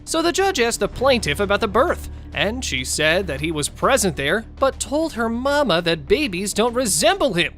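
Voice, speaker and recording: A man's voice: sits high, very animated, normal speed, hardly any pauses, a bit bright. A man narrating a court show recap in a mocking, gossipy tone, over faint music.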